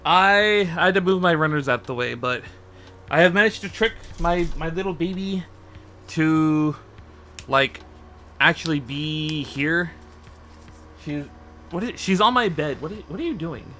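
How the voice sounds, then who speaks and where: A man's voice: fairly high pitch, expressive, measured pace, pauses often, pushed and bright, slight background noise. A man streaming casually, chatting animatedly and cooing at his cat. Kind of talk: casual live-stream chat. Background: faint background music.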